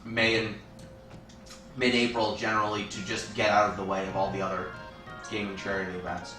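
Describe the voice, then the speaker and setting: A man with a fairly low voice chats through a game stream in a loose, playful way. He sits back from the mic in an echoey room. Loud game music plays behind him. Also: little pitch movement, a little fast, recorded from a distance. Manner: playful, rambling, jokey asides. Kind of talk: casual gameplay chat on a live stream.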